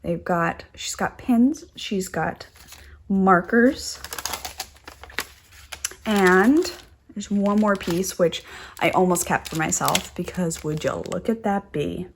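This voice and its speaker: A woman's voice: on the low side, slow, pauses often, a little hiss or hum. A young woman hosting a knitting podcast, chatting casually and gushing over crafts she shows. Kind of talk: casual show-and-tell chat.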